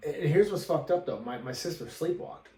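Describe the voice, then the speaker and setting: A man's voice: a little high, expressive, moderate pace, mellow. A man co-hosting a casual podcast, telling a dream story in a rambling way with restarts and swearing. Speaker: podcast co-host. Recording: roomy sound, distant from the mic.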